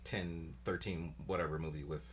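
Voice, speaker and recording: A man's voice: rumbling low, steady tone, normal speed, slight background noise. A man co-hosting a casual group podcast, talking about movies with emphatic agreement. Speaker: podcast co-host.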